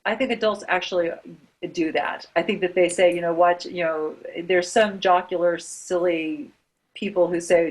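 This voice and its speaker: A woman co-hosts a podcast in a relaxed, talkative way. She fills her pauses with ums and laughs easily. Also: on the low side, low-quality recording. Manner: chatty, laughs often, hesitant fillers. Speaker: podcast co-host. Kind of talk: casual chat.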